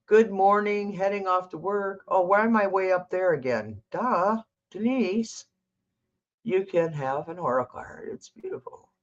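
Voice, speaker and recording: A woman's voice: medium pitch, a little slow, highs cut off. An older woman hosting a tarot livestream, chatting casually, reading out viewer comments and talking to her cat.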